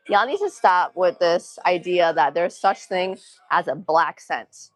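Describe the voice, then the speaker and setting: A woman's voice: fairly low pitch, animated, measured pace, soft background music, poor audio. A young adult woman from Massachusetts with a Massachusetts accent, livestreaming a gym workout, counting reps aloud and chatting casually with viewers. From Massachusetts, USA. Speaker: fitness livestreamer. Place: gym, indoors.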